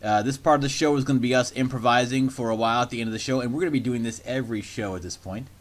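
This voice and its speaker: Man, podcast host, rambling casual talk, stumbles, mid pitch. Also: rapid-fire. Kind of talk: casual chat.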